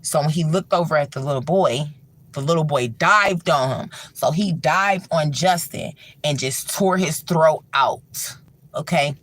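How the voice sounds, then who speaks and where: A livestream host telling a horror story in loose, colloquial talk, full of fillers, dropping low and soft for suspense. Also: a little slow. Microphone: livestream mic.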